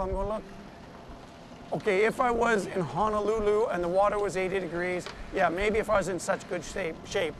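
High-voiced man telling a story. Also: moderate pace, background noise. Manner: animated retelling that acts out quoted voices. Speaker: interviewee, survivor telling his story. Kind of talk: personal storytelling in a TV interview.

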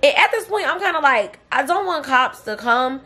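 A woman's voice: high voice, animated, normal speed, sharp tone. A young woman telling a long, rambling story to camera in a casual vlog, leaning hard on fillers. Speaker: vlogger.

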